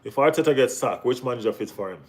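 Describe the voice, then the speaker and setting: A young man hosts a relaxed football live stream and talks straight to his viewers. His mid-pitched voice stays easy and conversational, with frequent "you know what I mean" check-ins. When something excites him, it jumps sharply higher. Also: quick pace. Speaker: host of a football live chat. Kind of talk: casual live-stream chat.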